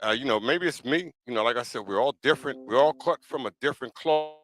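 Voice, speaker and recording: A man's voice: mid-range voice, fast talker, fairly bright tone, no echo. A man hosting a podcast, giving his opinions in a blunt, repetitive, insistent way and often checking in with the listener. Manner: blunt, emphatic and repetitive, with frequent "you know what I'm saying". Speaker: podcast talk show host. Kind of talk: casual opinion monologue.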